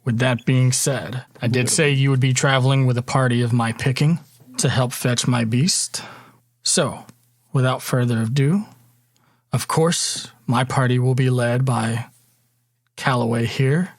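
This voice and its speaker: A man voicing a courteous male patron who hires a party in a tabletop game, measured and polite. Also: medium pitch, fairly even intonation, no room sound, studio quality, lightly acted. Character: smooth courteous male patron hiring adventurers.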